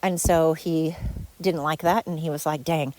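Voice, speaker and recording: In a steady, measured delivery with a slightly mellow voice, a middle-aged woman rants alone on her podcast about people she used to work with. She's sarcastic and mimics them in high-pitched voices. There's no room sound.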